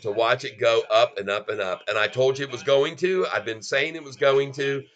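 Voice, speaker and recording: Man, middle-aged, bright tense voice, excited live market commentary, exclamatory. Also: mid-range voice, brisk, lo-fi sound. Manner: exclamatory, talks straight to viewers as folks. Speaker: stock market livestream host.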